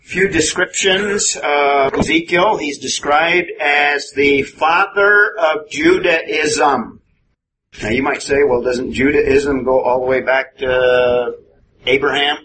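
A man's voice: on the high side, takes it slowly. A man teaching a Bible class in a methodical, explanatory way, often putting questions to his students. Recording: noisy room recording.

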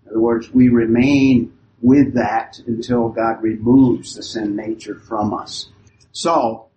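A man teaching a Bible class in a measured, explanatory way, pausing to restate each point. His voice sits at a middling pitch. A faint hiss runs under the recording. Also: steady tone, mellow, low-quality recording.

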